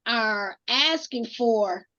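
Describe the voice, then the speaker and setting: A high-pitched woman talks in a casual group chat on a dull, lo-fi recording. She sounds earnest, often stops to correct herself, and asks the others for honest feedback. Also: lively intonation, extremely slow, pushed and bright. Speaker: co-host. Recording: dull lo-fi audio.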